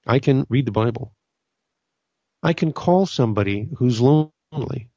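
His mid-range voice is mellow and husky, unhurried but lively in intonation. A middle-aged man from Southern California hosting a Catholic podcast, he discusses faith in a conversational, earnest manner with many restarts, in a dry recording with dull audio.

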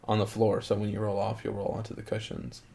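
A middle-aged man, a father, talking with his child in a relaxed, chatty way, often saying "like". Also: on the low side, quick pace, gravelly. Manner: relaxed, chatty, heavy use of "like". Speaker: father and show co-host. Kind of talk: casual family chat.

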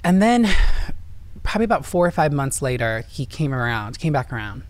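A woman's voice: extremely low pitch, big pitch swings, fairly quick, a little mellow, a little hiss or hum. A woman from Indiana, telling her personal story earnestly and emotionally as an interview guest. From Indiana, USA.

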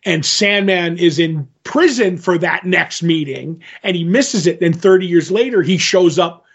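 A man in casual podcast chat, retelling comic scenes with quick quoted lines. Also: high voice, slightly rough, muffled recording. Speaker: podcast co-host.

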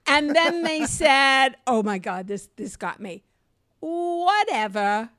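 An older woman, co-hosting a podcast and telling stories in an animated way, swinging from quiet asides to loud outbursts and laughing often. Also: high voice, measured pace, no room sound, clean studio sound. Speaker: podcast co-host and comedy teacher. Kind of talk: animated conversational storytelling.

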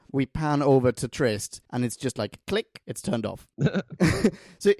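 A man co-hosting a casual podcast chat, animated and laughing often, with quick silly impressions. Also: medium pitch, no room sound, studio quality. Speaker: podcast co-host.

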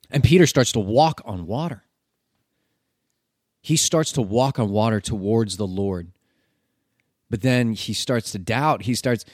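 Low-voiced man giving a homily. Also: a little slow, long pauses, dry recording, clean studio sound. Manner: earnest, conversational, with filler words. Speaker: preacher. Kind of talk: scripture reading and homily.

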